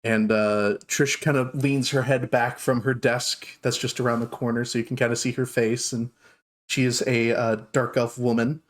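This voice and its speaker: A man with a mid-range voice narrates a tabletop game as its game master, speaking at a moderate pace in a relaxed style packed with filler words.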